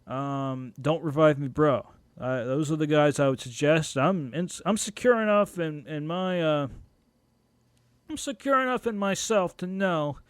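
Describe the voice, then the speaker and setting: A man's voice: a little high, unhurried, no room sound. Profane, ranting young man podcaster. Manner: animated rant with laughs and frequent swearing. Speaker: podcast host. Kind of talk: solo podcast rant.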